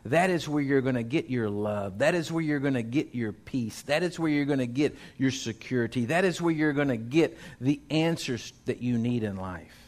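A man's voice: mid-range voice, lively intonation, moderate pace, few pauses. A male pastor, preaching a sermon in a folksy, conversational way that builds in intensity.

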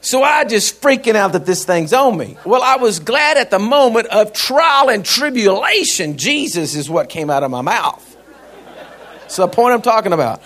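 A male pastor, telling a personal story in a sermon, laughing and animated. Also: high-pitched, normal speed, some chatter behind.

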